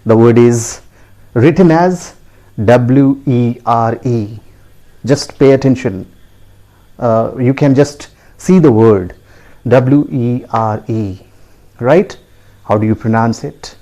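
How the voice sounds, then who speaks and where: A man with an Indian English accent teaching pronunciation in a video lesson, repeating each word deliberately and often asking the listener "right?" with a sharp upward lift. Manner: repetitive, deliberate, asks the listener with a high rising "right?".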